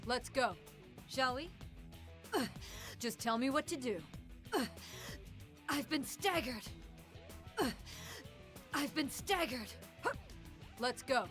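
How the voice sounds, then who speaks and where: An upbeat young woman soldier from a video game, her voice very high and lively, swooping up and down. She speaks in slow, bright little battle quips. Soft game music runs underneath. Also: full character voice. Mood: perky. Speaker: selectable player character voice.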